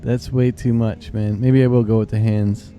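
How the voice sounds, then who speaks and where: A man chatting as a guest on a video call, jokey and quick to swear and laugh. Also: fairly low pitch, level tone, warm tone, soft background music. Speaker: guest reaction youtuber. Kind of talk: casual chat.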